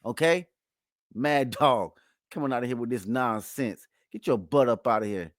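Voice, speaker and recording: A man's voice: mid-range voice, normal speed, no room sound, clean studio sound. A man hosting a casual sports reaction video, emphatic and playfully mocking, repeating his points.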